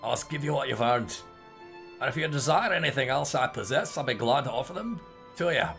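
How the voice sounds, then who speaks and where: A man reading out the lines of a small, nostalgic creature merchant who is shrewd about prices, in a measured, wistful way. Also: medium pitch, animated, creaky, a bit bright, faint music behind. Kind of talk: reading game dialogue aloud.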